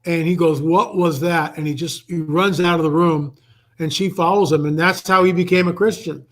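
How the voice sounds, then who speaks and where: An older man speaks over a remote call as a guest researcher. His voice sits fairly high for a man. He tells his story with animation and acts out the quoted voices as he goes. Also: fairly even intonation, moderate pace, a bit bright, poor audio. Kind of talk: storytelling in a live online interview.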